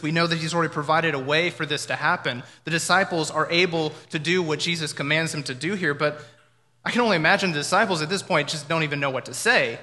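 In a reverberant hall, a man with a slightly high, sharp voice delivers a sermon as a pastor. He keeps it reflective and conversational, frequently voicing imagined dialogue from people.

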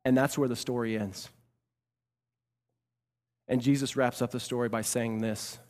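A man preaching a sermon as pastor, swinging between loud emphatic bursts and hushed delivery, repeating phrases for emphasis. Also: medium pitch, steady tone, a little slow, pauses often. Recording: long reverb of a large hall.

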